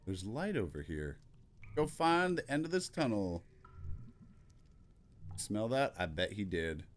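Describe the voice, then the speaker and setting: A man hosting a let's play, reading every character's lines aloud in turn, quick and offhand. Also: on the low side, big pitch swings, a little hiss or hum. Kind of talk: reading game dialogue aloud.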